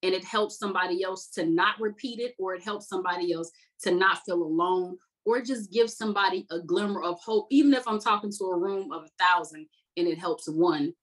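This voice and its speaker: Husky-voiced veteran woman in her thirties. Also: on the low side, poor audio. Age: 30s. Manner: earnest, reflective, laughs at herself. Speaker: guest, army veteran. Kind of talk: candid conversational storytelling.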